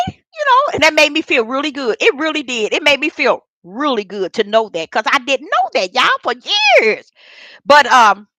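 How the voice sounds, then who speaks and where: There's no room sound as an older woman, her voice high, bright, and forceful, shares her faith testimony on a vlog. Her storytelling is heartfelt and repetitive, aimed directly at her audience.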